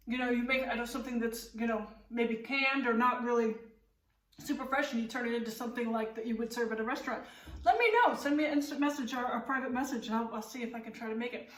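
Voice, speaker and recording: A woman's voice: high-pitched, distant mic. A woman chatting casually in a home cooking vlog, rambling and candid as she tastes and critiques her own food in her kitchen. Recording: roomy kitchen, voice off-mic.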